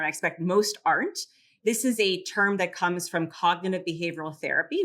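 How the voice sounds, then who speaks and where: A middle-aged woman psychologist explaining coping tools calmly and clearly in a podcast interview. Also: lowish voice. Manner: calm, measured, teacherly explanations. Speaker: psychologist and caregiver clinic founder.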